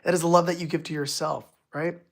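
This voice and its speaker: An excitable spiritual healer chatting casually on a home live stream. The voice sits at a middle pitch and gushes with exclamations and laughter. Sentences stop and restart often, full of filler words. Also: quick pace, vocal fry.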